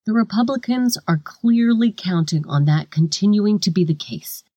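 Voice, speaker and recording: A woman's voice: medium pitch, lively intonation, moderate pace, mellow, breathy edge, no echo, highs cut off. A woman reporter giving a satirical news report in a sardonic, profane manner.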